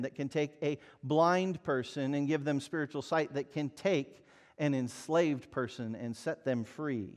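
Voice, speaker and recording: A man preaching a sermon in an earnest, emphatic way, asking the listeners pointed rhetorical questions. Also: mid-range voice. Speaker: pastor.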